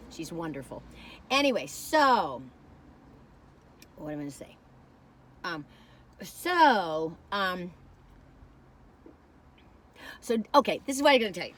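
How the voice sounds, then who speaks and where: A woman's voice: lowish voice, very animated, unhurried, long pauses, a bit bright, a little hiss or hum. A woman reviewing food in a casual vlog, chatting while she tastes and telling a rambling story that keeps losing its thread.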